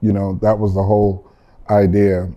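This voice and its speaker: A man, a film composer, talking casually in an interview, relaxed and rambling with repeated words. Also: lowish voice, moderate pace, muffled recording.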